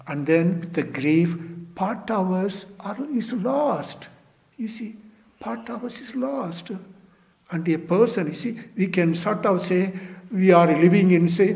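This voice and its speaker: Male Zen teacher, slightly high voice, unhurried dharma talk peppered with "you see" and soft trailing endings. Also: creaky. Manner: fills with "you see" and "sort of", repeats phrases; drops to near-whisper at phrase ends.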